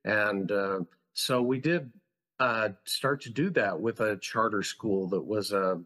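A man's voice: fairly low pitch, takes it slowly, fairly bright tone. Earnest, passionate man telling his story. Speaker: podcast guest, school founder. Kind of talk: conversational storytelling.

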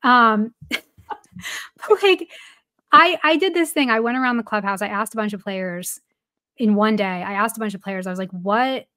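A woman's voice: mid-range voice, normal speed, long pauses, sharp tone. A woman who is a baseball reporter, guesting on a podcast and telling a story casually with plenty of "like" fillers and some laughter.

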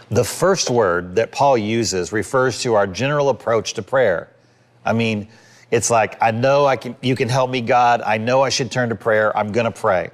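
A man in his fifties, a pastor giving a sermon in an earnest, conversational way, acting out little quotes. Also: on the low side.

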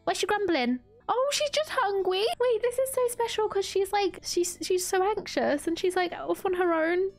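A woman streamer giving casual let's-play commentary, excitable and gushing as she gasps and laughs her way through the game. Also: very high-pitched, normal speed, few pauses, soft background music. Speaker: gaming streamer.

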